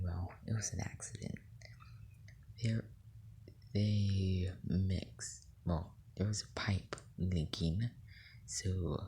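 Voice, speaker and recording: A fan storyteller at home at night, talking low in a near whisper, rambling with many fillers. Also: dark tone, a little hiss or hum. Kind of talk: casual fan-fiction storytelling.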